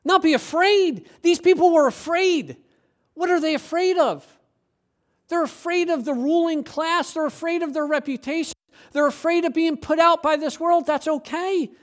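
Male pastor, high voice, animated sermon delivery with acted-out asides. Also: moderate pace. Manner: lively, acts out quoted voices, rising to emphatic preaching.

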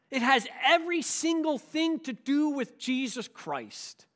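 Male pastor, sermon delivery, bright and lively, emphatic rhetorical style. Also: extremely high pitch, normal speed, few pauses. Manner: emphatic preaching, rhetorical questions.

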